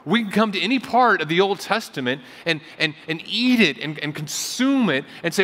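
A man's voice: high-pitched, expressive, normal speed, few pauses, a bit bright. A male pastor preaching a sermon in a conversational storytelling way, often repeating phrases for emphasis, in a church sanctuary. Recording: long hall reverb.

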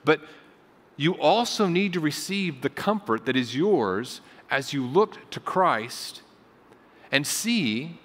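A man's voice: on the high side, sing-song, slow. Man preaching, conversational, in reverberant hall. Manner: conversational storytelling preaching, repeats phrases for emphasis. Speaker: pastor. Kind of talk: sermon.

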